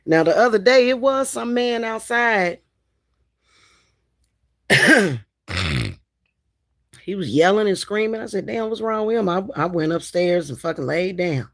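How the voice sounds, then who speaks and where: Slow-talking woman in slangy, profane chat. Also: mid-range voice, lively intonation. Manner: slangy, loose and profane, laughs often. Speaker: spiritual reader and spellworker. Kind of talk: casual livestream chat.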